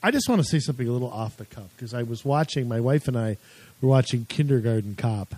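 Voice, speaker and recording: A man's voice: mid-range voice, animated, fast, mellow, no room sound, rough recording. A married man co-hosting a casual political talk show, chatty and rambling, often amused. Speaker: co-host.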